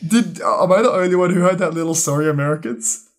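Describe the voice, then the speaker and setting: A man's voice: sits high, rapid-fire. A young man co-hosting a podcast, chatting casually and laughing often. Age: young adult. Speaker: podcast co-host. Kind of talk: casual chat.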